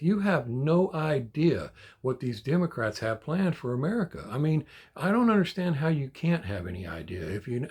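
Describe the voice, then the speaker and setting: A man's voice: a little high, darkish tone, breathy edge. A man hosting a toy collector channel, talking casually to his viewers, getting frustrated and ranting, swearing a lot and repeating himself when worked up. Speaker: die-cast toy collector channel host.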